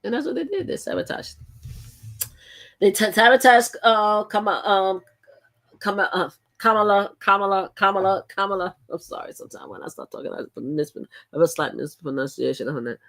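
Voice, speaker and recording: A woman's voice: mid-range voice, lively intonation, normal speed, gravelly, a bit bright. A middle-aged woman hosting a live stream, talking in a rambling, emphatic way with frequent restarts. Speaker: livestream host. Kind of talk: casual live-stream commentary.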